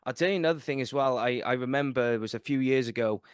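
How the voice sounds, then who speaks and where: Excitable South Welsh podcast host. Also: male voice, medium pitch, fast, smooth, dry recording, studio quality. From South Wales. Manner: animated, excitable storyteller. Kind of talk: casual podcast chat.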